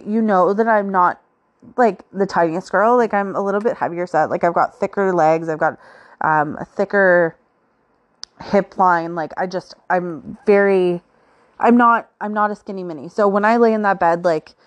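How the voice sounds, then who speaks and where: A woman hosting a podcast, telling her own story in a chatty, casual way with frequent fillers. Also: medium pitch. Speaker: podcast host.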